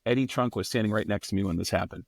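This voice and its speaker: A man's voice: on the low side, vocal fry, no room sound. Man telling a profane story. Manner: profane, animated, quick to act out people. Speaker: guest comedian. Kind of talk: casual storytelling.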